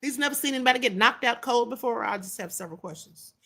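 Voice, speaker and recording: Speaking fast with few pauses, a woman with a slightly high, somewhat bright voice hosts a live-stream commentary show. She's blunt and emphatic, repeats her points, and talks straight to her chat.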